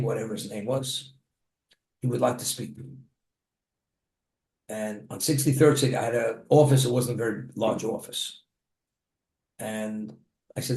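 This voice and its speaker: A man's voice: medium pitch, a little slow, gravelly, pauses often, a little mellow. Preaching man in an echoey room. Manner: plain-spoken storytelling, with speech restarts. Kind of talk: sermon.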